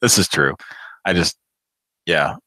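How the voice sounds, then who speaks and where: A man's voice: low-pitched, slow pace, pushed and bright, dry recording, low-quality recording. A man hosting a live prank call show, chatting casually and rambling with lots of fillers and laughs. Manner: rambling, hesitant, laughs often.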